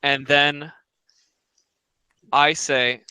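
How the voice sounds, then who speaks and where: A man's voice: fairly high pitch, flat delivery, extremely slow, sharp tone, clean tone, dry recording, poor audio. A man playing in a tabletop game over a voice call, flustered and defensive, often laughing things off. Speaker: player.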